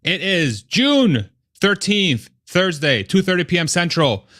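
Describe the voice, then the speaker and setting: A man hosting a casual live stream, upbeat and quick to laugh, sometimes tripping over his words. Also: sits high, sing-song, fairly bright tone.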